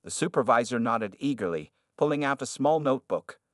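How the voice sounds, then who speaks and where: Steady man narrating a story. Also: mid-range voice, brisk, dry recording, clean studio sound.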